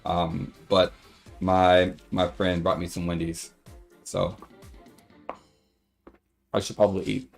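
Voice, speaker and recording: A young man on a casual livestream, rambling through a story and acting out the quotes in high voices. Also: flat delivery, slow pace, vocal fry, pauses often, faint music behind. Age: young adult.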